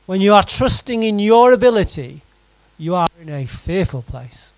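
A man preaching a sermon to his congregation in a conversational, animated way, often putting direct questions to the room. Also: high voice, moderate pace, no room sound, poor audio. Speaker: pastor.

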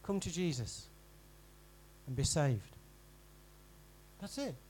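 High-voiced man preaching a sermon. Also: lively intonation, slow pace, a little hiss or hum, poor audio. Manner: conversational preaching, swinging from emphatic to quiet and intimate. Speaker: pastor. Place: church.

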